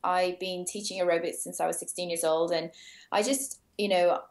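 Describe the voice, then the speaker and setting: A woman's voice: lowish voice, fairly even intonation, moderate pace, reverberant. A woman in her thirties from the UK, with a British accent tinged with Australian, talking about her fitness work as an interview guest in an enthusiastic way. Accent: British with some Australian. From United Kingdom. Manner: enthusiastic, frequent fillers. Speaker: guest, personal trainer. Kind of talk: casual interview.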